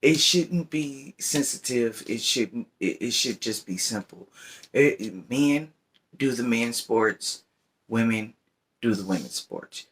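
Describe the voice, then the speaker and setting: A man's voice: expressive, slow pace, fairly bright tone, slightly rough. A man talks in a casual vlog, rambling and often checking in with the listener. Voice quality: deep voice. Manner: rambling, repeats "you know what I'm saying". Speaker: vlogger. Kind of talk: casual opinion talk while smoking.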